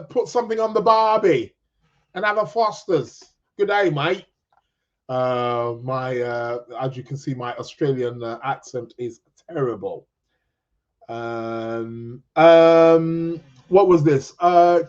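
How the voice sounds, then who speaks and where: A man's voice: a little high, lo-fi sound. A man hosting an astrology podcast, chatting casually and reading out viewer comments in a rambling, joking way. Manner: rambling, jokey, self-interrupting.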